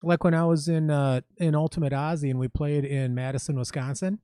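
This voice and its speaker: A man, a musician guest on a podcast, telling stories in casual chat with many pauses and restarts. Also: fairly high pitch, steady tone, warm tone, clear, resonant tone, no room sound. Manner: halting, many ums and restarts.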